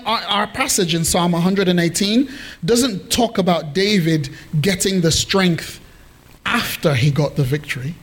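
A man preaching a sermon to his congregation, playful and teasing, with lots of questions to the room. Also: high voice. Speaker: pastor. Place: church hall with congregation.

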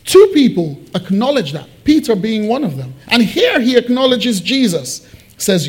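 A man preaching a sermon, explaining Bible verses and acting out the quotes with lively swings in his voice. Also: normal speed, breathy edge. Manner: animated, acts out Bible quotes with big pitch swings. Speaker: pastor. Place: church hall.

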